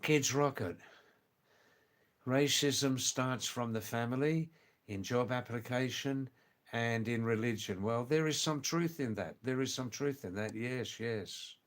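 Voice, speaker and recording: Slow-talking man between British and Australian accent. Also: medium pitch. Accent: between British and Australian English. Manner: slow, hesitant, repeats phrases. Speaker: live stream host. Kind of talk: casual live-stream chat reading viewer comments.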